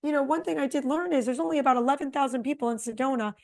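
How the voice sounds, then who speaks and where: A middle-aged woman co-hosting a podcast, chatting casually and telling a long, animated travel story. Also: sits high, very fast, gravelly. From Connecticut. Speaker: podcast co-host. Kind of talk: casual chat.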